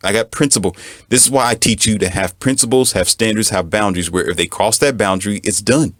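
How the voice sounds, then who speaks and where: A man lecturing as a relationship coach. His voice sits low, and he hammers his points with emphatic repetition. The recording is dry and close, with no room sound. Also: no echo. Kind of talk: lecturing monologue.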